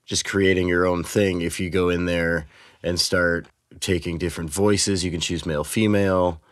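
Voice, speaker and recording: A man hosting his channel who reviews sound-design software in a casual, excited way, using a shotgun mic. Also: sits low, moderate pace, dry recording, clean studio sound. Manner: excited, enthusiastic. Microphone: shotgun microphone.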